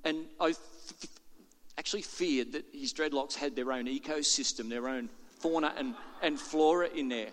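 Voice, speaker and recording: Older guy pastor preaching, kinda chatty n jokey, voice a bit high, big echoey church. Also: moderate pace. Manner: chatty and self-deprecating, with many restarts. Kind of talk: sermon. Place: church auditorium.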